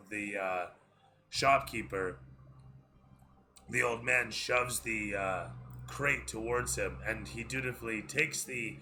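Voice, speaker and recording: A man narrating as dungeon master, descriptive with many fillers and quick asides. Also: mid-range voice, background noise. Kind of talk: narrating a tabletop game.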